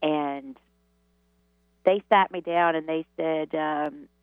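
A woman's voice: low-pitched, fairly even intonation, slow pace, clear, resonant tone, no echo. A woman from the Southern United States, a guest telling long, rambling stories with many fillers and restarts. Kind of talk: storytelling interview answers. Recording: tinny phone line.

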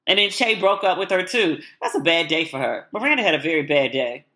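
A woman's voice: fairly low pitch, animated, fairly quick, a bit bright. A woman hosting a podcast in a casual solo chat, frank and opinionated as she talks. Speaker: podcast host.

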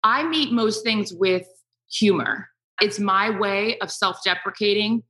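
A woman's voice: mid-range voice, measured pace, pushed and bright, rough recording. A woman guest in an interview, speaking candidly and with self-deprecating humor, emotional at times. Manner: emotional, self-deprecating, talks through tears. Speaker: guest, sports broadcaster.

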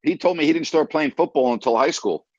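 A man from New York, a TV sports announcer, telling an animated story in casual conversation and acting out the quotes. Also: a little high, quick pace, no room sound, lo-fi sound. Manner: animated anecdote teller, acts out quotes.

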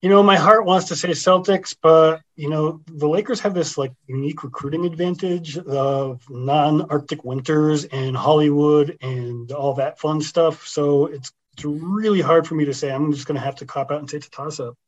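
A man on a podcast panel giving measured, opinionated sports analysis. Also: on the high side, steady tone. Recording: dull lo-fi mic.

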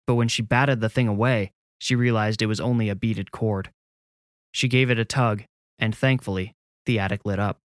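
A man narrating a scripted horror story in a measured, suspenseful way. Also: fairly low pitch, steady tone, dry recording, studio quality.

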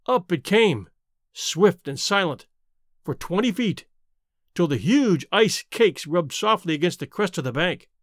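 A man's voice: high voice, dry recording, clean studio sound. A man narrating a classic adventure story in a dramatic, storytelling manner. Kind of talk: scripted audiobook narration.

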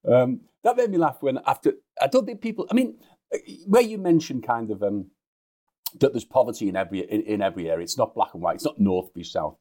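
A man's voice: medium pitch, animated, brisk, dark tone. A man, a guest journalist in a casual chat, chuckling and often restarting his sentences.

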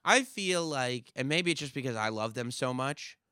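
A man's voice: mid-range voice, expressive, bright, forceful tone, clear, resonant tone, no room sound. A man guesting on a casual podcast, chatty and wry, talking into a studio microphone. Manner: chatty, quick-witted and wry.

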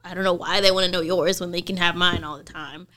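Woman, podcast co-host, playful, teasing, bright voice. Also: on the low side, fairly even intonation, quick pace. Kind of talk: casual podcast chat.

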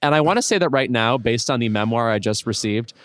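A man's voice: medium pitch, animated, fast, fairly bright tone, clean tone, dry recording. Wry man co-hosting a podcast. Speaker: podcast co-host. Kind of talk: casual pop culture chat.

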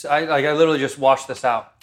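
A man guesting on a cooking show, teasing the others loudly with lots of swearing. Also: medium pitch, steady tone, fast, a little hiss or hum. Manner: loud, profane teasing. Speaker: comedian guest. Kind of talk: casual chat.

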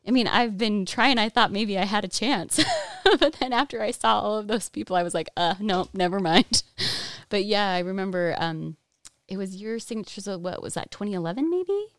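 A woman interpreter voices a Deaf guest's signed answers aloud, in first person, on a casual podcast. She tells the stories briskly and with plenty of life, at a mid pitch. The sound is close and dry. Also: no room sound. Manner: lively storytelling with frequent laughs.

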